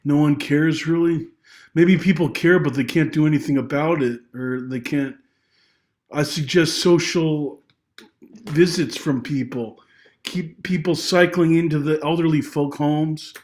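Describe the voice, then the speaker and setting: A young adult man talks straight to camera in a loose, rambling monologue, stumbling over restarts and apologizing as he goes. His voice sits a little high for a man and rises sharply whenever his anger flares. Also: measured pace, a little mellow. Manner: agitated, voice rising when angry. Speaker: vlogger giving social commentary. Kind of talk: unscripted personal monologue.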